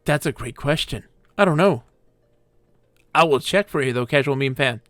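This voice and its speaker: This gaming streamer chats with viewers and talks to himself as he plays live. His mid-range voice has a fairly bright tone and moderate pace, captured in studio quality with no echo.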